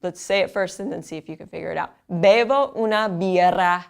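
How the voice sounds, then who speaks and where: A woman teaching a language lesson, saying each word slowly and then repeating it for learners. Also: sits low, fairly even intonation, gravelly. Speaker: Italian teacher.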